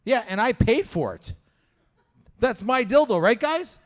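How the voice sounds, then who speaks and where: A man's voice: very high-pitched, lively intonation, unhurried. A young man from Canada doing a crude, conversational stand-up set on stage, acting out voices in his stories. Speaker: stand-up comedian. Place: comedy show stage with live audience.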